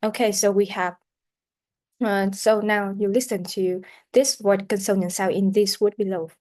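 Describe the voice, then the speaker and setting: A woman teaching a pronunciation lesson, pausing on fillers and repeating sounds and words for students to practise. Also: medium pitch, flat delivery, a little mellow.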